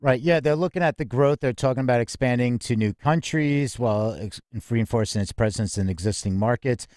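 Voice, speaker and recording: A man in the middle of the pitch range hosts a casual music news show. He reads headlines and then drifts into loose, filler-heavy commentary. The sound is dry and close. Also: brisk, a little mellow, no echo. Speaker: podcast host. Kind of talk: casual industry news chat.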